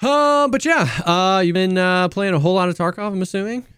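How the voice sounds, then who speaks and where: A man co-hosting a podcast, talking in a relaxed, rambling way with lots of restarts and fillers. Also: sits high, brisk, clean tone, no echo, studio quality. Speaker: podcast co-host. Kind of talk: casual chat.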